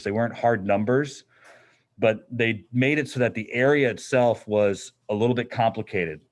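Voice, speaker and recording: A middle-aged man with a fairly low pitch and darkish tone teaches a physics class in a classroom. His lecture is explained in a casual, conversational way.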